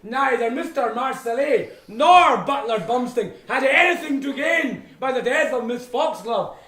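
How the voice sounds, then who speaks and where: A man's voice: extremely high pitch, lively intonation, a little slow, sharp tone, full character voice. A man playing a pompous, bumbling police inspector who blusters and mangles his words, in an amateur stage play. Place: stage in a hall. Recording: echoey hall from far off.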